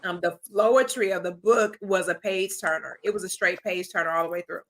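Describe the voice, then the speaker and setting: A woman's voice: fairly low pitch, a little fast, fairly bright tone. A woman hosting a livestream with a sassy, exuberant manner, full of slang and laughter. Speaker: host of an author celebration livestream. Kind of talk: casual chat. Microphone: streaming mic.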